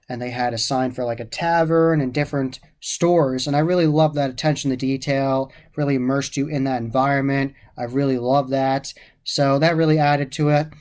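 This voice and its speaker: A man's voice: mid-range voice, a little mellow. A man giving a casual, enthusiastic spoken review of a haunted attraction, often repeating how much he loved the details.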